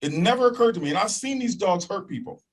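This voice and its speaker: A guest, male, tells a personal story with lots of energy, performing voices and sounds and repeatedly asking "okay?" His voice is high-pitched and fast, and the recording is rough.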